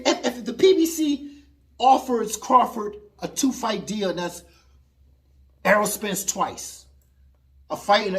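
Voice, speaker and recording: A man in a heated vlog rant about the fight game. His pitch swings widely as he talks, rising and dropping for emphasis. He keeps arguing back at an imagined listener. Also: a bit bright. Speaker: boxing commentator. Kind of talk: opinionated commentary.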